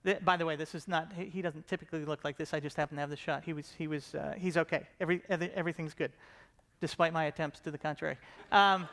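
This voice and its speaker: A man's voice: a little high, fairly even intonation, fast, a bit bright. A middle-aged man giving a casual, joking conference talk about his comedy show, self-deprecating and full of fillers and restarts.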